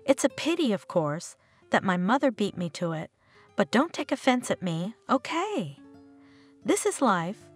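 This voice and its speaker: A woman's voice: mid-range voice, very animated, measured pace, husky, faint music behind. A woman voicing a sheepish, apologetic unfaithful husband.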